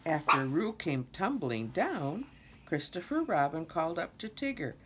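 An older woman slowly reading a children's storybook aloud, with a lot of expression. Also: sits low, heavy background noise. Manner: slow, expressive reading with many character voices. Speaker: storybook reader.

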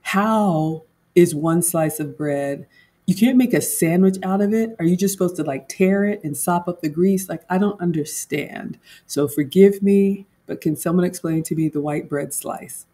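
A woman's voice: lowish voice, moderate pace, dark tone, breathy edge. A woman home cook vlogger in casual livestream chat, talking straight to her viewers and laughing often.

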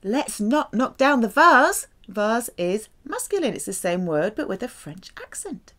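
A woman teaching French, carefully saying each example and explaining its meaning. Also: fairly high pitch. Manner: slow, careful, lively delivery with drawn-out French examples. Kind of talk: language lesson.

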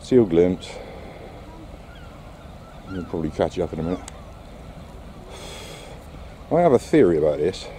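A man's voice: deep voice, very animated, measured pace, pauses often, dark tone, slight background noise. Wry Englishman narrating a seaside dog walk. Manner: wry, sarcastic asides to camera and dog. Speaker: vlogger walking his dog. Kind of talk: casual outdoor vlog commentary. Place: outdoors on a seaside quay.

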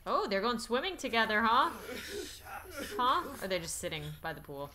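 A woman's voice: medium pitch, lively intonation, bright, forceful tone. A young woman narrating a life-sim game as a Let's Play host, playfully voicing her characters. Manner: playful, voices her characters in quick asides. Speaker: gaming YouTuber.

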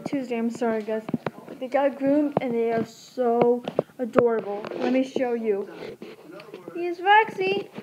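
A woman's voice: high-pitched, highs cut off, noisy background. A woman vlogging in a casual, rambling way, cooing baby talk at her dogs between chatty asides. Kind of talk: casual chat to camera.

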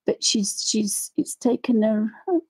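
Chatty woman with a mellow voice. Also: a little high, animated, a little slow, husky. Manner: rambling, apologetic, ranting asides. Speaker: craft tutorial host. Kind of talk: chatty tutorial while colouring.

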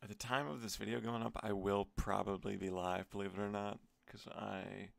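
A man's voice: on the low side, level tone, normal speed, vocal fry, a bit bright, no room sound. A man streaming an online gambling session, swearing and muttering in exasperation at his losses. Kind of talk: casual gambling commentary.

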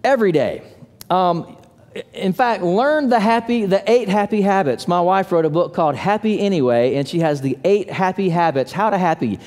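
A man preaching a sermon as pastor, telling stories in an animated, playful way with little voices for the characters. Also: high-pitched, moderate pace. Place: church sanctuary. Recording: long hall reverb.

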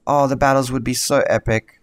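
A young South African man giving casual gameplay commentary, excitable and quick to swear and rant. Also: mid-range voice. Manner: excitable, swears freely, rants heatedly. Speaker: gaming YouTuber.

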